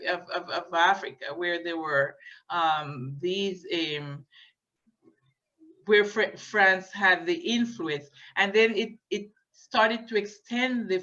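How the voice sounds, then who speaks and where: A woman giving a lecture, hesitant and filling pauses, often checking in with her listeners. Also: lowish voice, a bit bright. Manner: hesitant, many fillers, checks in with "okay?". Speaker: linguistics lecturer. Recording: dull lo-fi recording.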